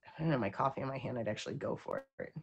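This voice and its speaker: A woman's voice: very deep voice, wildly swooping pitch, racing, vocal fry, slightly rough, highs cut off. A woman chatting casually to her dog, playful and laughing, slipping into baby talk and casual swearing. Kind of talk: casual chat.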